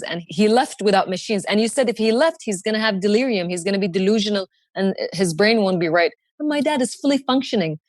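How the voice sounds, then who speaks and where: A woman's voice: medium pitch, dry recording. A woman in her thirties from Kuwait, a podcast guest telling a personal story with animation, acting out dialogue and swearing freely. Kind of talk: emotional personal storytelling in conversation.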